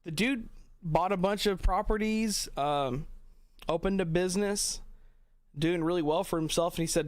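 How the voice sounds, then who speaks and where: Male streamer, slightly high voice, dry close sound, swears and rambles through stories. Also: moderate pace, no echo. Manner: rambling, profane, laughs often. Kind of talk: casual storytelling chat.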